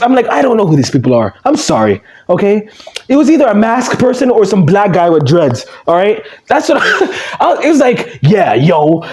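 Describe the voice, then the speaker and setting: High-voiced guy ranting about wrestling, swoopy and mellow, swears a lot. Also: huge pitch swings, moderate pace. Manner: blunt, profane, exasperated. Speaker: wrestling vlogger. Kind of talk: casual ranting commentary.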